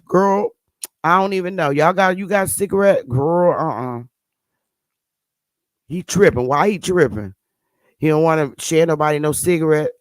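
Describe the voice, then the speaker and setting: A woman's voice: low-pitched, moderate pace, long pauses, no room sound, studio quality, close to an everyday voice. A woman voicing a weary gossiping monkey mom. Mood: sassy. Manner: sassy, exasperated.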